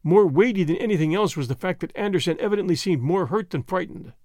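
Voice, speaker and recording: A man narrating an adventure novel with dramatic, expressive storytelling. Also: high voice, fast talker, no echo, studio quality. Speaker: audiobook narrator. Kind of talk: scripted narration.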